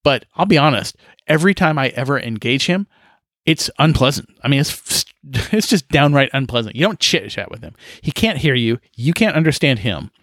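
In a casual solo monologue, a podcast host in his fifties spins exasperated, profane tales, laughing and sighing often. He speaks at a normal speed with an expressive, fairly bright mid-range voice, and the clean studio sound has no room echo.

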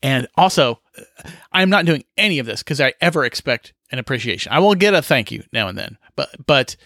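A man's voice: mid-range voice, lively intonation, fairly quick, fairly bright tone, dry recording, clean studio sound. A man in his fifties hosting a solo podcast, telling exasperated, profane stories with frequent laughs and sighs. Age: 50s. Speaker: podcast host. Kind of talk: casual solo podcast monologue.

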